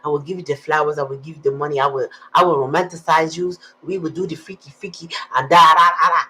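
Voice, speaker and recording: A woman voicing an excitable young Nigerian boyfriend, loud and boastful, in an imitated Nigerian accent. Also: deep voice, quick pace, husky, exaggerated voice, rough recording. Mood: eager. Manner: yelling, boastful, eager.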